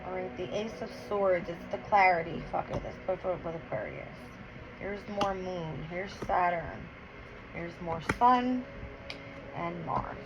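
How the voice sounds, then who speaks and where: On a dull, lo-fi recording with noticeable background noise, a woman gives an informal tarot and astrology reading, counting cards out loud and swearing bluntly as she heats up. Her voice is low with lively intonation and a slightly slow pace.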